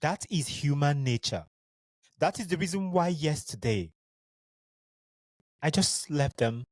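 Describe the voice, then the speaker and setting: A man's voice: on the high side, animated, a little slow, a little mellow, no echo. Earnest Nigerian man, dry close sound. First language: Igbo. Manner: earnest, heartfelt, speaks tenderly to listeners. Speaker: podcast host. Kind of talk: solo podcast monologue.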